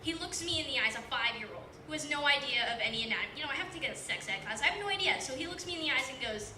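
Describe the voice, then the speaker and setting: Teen girl doing stand-up at an open mic, kinda high voice, rambly, echoey club recorded from far off w/ room noise. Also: animated, racing. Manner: rambling, self-deprecating, lots of filler "like". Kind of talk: stand-up comedy storytelling. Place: small comedy club, live audience.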